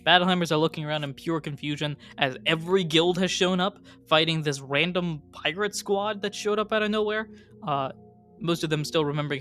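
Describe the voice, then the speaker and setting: A man narrating a tabletop role-playing game as game master, relaxed and chuckling. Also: a little high, a little fast, faint music behind.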